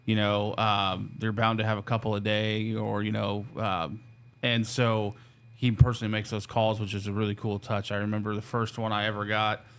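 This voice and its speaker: A man's voice: lowish voice, level tone, moderate pace, clear, resonant tone. A man hosting a casual workplace chat show, talking freely and laughing through his stories. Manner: chatty, laughs while telling stories. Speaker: host. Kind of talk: casual company podcast chat.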